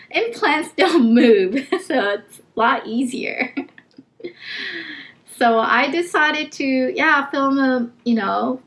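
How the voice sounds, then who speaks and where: Woman, 30s, plant-vlogging mom: casual, rambling chat with a slow delivery and a creaky edge. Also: fairly high pitch. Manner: soft, rambling talk with many fillers.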